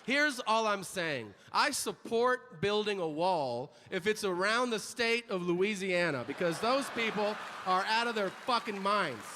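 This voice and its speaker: A man's voice: high voice, animated, unhurried, few pauses, sharp tone. Brash, profane male stand-up comic. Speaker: stand-up comedian. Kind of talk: stand-up comedy set. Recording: live venue reverb with noise.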